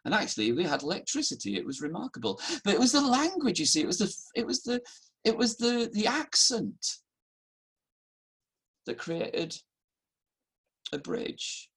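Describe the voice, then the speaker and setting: A middle-aged man from the north of England delivers a sermon in his own Northern English accent. His voice is a little husky. He keeps it conversational and wry, and his pitch lifts on his asides. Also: a bit bright. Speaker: preacher.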